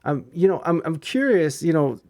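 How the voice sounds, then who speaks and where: A man hosting a casual podcast chat, talking in halting bursts with many restarts and fillers. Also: a little high, sing-song, darkish tone, no echo, studio quality. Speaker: podcast host.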